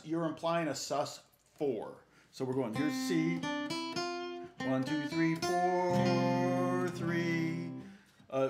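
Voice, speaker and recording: A middle-aged man teaching guitar on a live stream, rambling and chatting with viewers, laughing often and counting out notes. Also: medium pitch. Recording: echoey room with loud guitar playing.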